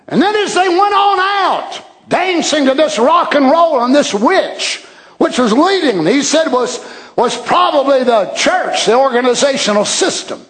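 A man preaching an impassioned sermon, shouting and calling out praise. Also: very high-pitched, lively intonation, moderate pace. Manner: shouting, impassioned, calls out hallelujah. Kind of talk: fiery sermon.

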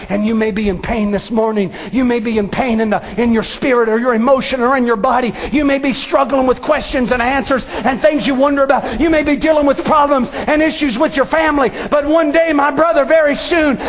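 A man preaching an impassioned sermon, shouting his lines and then dropping to a hush. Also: very high voice, fairly even intonation, a little fast, hardly any pauses. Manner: impassioned, shouting with sudden hushed drops.

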